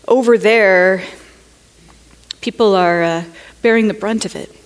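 Earnest American woman giving a halting talk. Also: mid-range voice. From United States. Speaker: conference speaker. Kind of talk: personal testimony talk.

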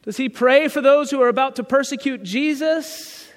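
A male pastor with a very high voice delivers a sermon in an easygoing, conversational style and keeps putting questions to his listeners. The voice rings out in a large church, with a long reverb trailing each line. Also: moderate pace. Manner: conversational preaching with rhetorical questions.

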